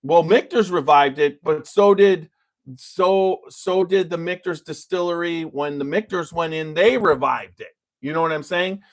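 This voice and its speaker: A man's voice: on the high side, a little slow. A man hosting a casual bourbon tasting chat, telling stories in a loose, rambling way. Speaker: whiskey reviewer, show host.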